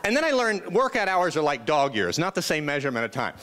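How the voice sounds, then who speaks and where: A man's voice: on the high side, fast talker. A man giving a humorous motivational keynote, telling comic stories to an audience. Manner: animated comic storyteller. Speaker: motivational speaker.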